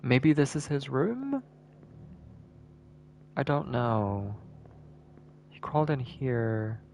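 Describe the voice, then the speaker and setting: A man's voice: medium pitch, lively intonation, drawn-out words, a little mellow, slight background noise. A male streamer giving casual gameplay commentary, thinking aloud and repeating words as he works things out.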